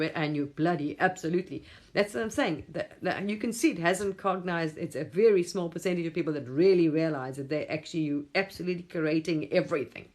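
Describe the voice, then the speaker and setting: This middle-aged English host talks a little fast with hardly any pauses, her fairly low voice carrying a darkish tone. It's a casual late-night phone livestream where she rambles, laughs often, and mimics voices in quoted lines.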